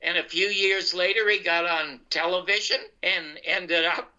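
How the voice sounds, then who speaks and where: A man's voice: sits high, normal speed. An older man, a guest comedian, telling an anecdote over a video call and quoting the people in it. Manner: animated storyteller quoting others in dialogue. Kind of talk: storytelling anecdote. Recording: muffled internet call line.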